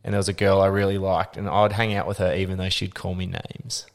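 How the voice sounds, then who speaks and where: Candid young man, lowish voice. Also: level tone, quick pace. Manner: candid, laughing, swears casually. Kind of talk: casual chat.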